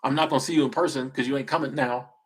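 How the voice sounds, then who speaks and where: A husky-voiced man talks loosely to his livestream viewers. He jokes, drifts off mid-thought and starts his sentences over. His pitch sits in an ordinary middle range. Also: steady tone, very fast. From Southern United States. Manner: joking, rambling, trails off and restarts. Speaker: streamer. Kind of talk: casual livestream chat reacting to viewer comments.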